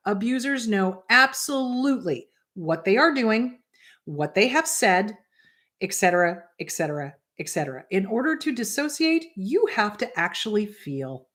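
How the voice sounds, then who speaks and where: A woman's voice: mid-range voice, a bit bright. Blunt, emphatic woman therapist host. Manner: emphatic, blunt, repeats rhetorical questions to the audience; acts out quoted voices in passing. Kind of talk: casual advice talk to viewers.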